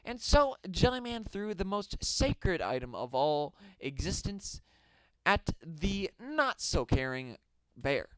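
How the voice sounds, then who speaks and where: Casting: young man, rambling comic storyteller, high, smooth voice. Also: sing-song, slow, fairly bright tone, no room sound, low-quality recording. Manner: absurd, rambling, mock-dramatic. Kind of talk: comedic story reading.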